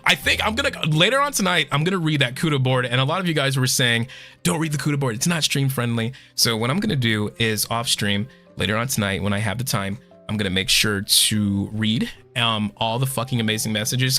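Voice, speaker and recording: A man streaming a casual chat, excitable and swearing often, his voice going hoarse. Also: mid-range voice.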